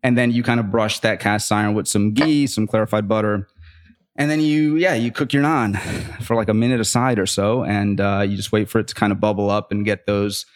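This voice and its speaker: A man's voice: lowish voice, steady tone, a little fast. A man co-hosting a podcast in casual chat, laid-back, laughing often and playfully defending himself. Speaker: podcast co-host, recipe author.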